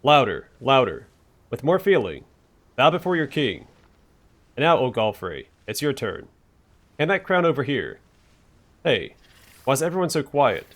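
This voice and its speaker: A man's voice: medium pitch, sing-song, unhurried, long pauses. A man reading the lines of a cocky, greedy young rogue in a game, talking breezily and teasing. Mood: bossy.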